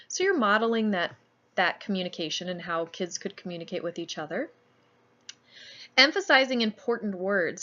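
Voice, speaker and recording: A young adult woman giving an educational presentation, explaining clearly in an upbeat way and stressing key words. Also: mid-range voice, fairly bright tone, muffled recording.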